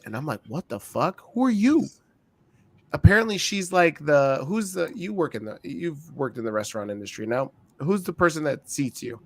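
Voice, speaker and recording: A man co-hosting a wrestling podcast, telling stories in a profane, animated way and acting out what people said. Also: a little high, moderate pace, no echo. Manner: profane, animated storytelling with acted-out quotes. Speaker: podcast co-host. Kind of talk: casual chat.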